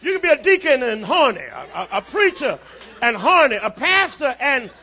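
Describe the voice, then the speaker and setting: A man a sermon as pastor, calling out to the congregation and swinging from quiet asides to shouts. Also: very high voice, sing-song, normal speed, some chatter behind. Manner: call-and-response preaching, rising to shouts.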